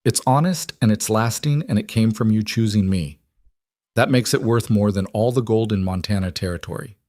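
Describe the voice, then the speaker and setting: A man voicing a gentle young frontier woman who speaks softly and earnestly. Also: lowish voice, normal speed, no echo, studio quality, lightly acted. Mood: tender. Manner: soft, earnest, tender.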